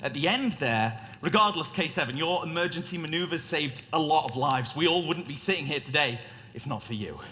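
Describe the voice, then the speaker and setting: A man's voice: a little high, expressive, fairly quick, bright, forceful tone, slight background noise. A man giving a theatrical, joking tech talk as a conference speaker in a large hall. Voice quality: playful, joking showman delivery. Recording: reverberant hall.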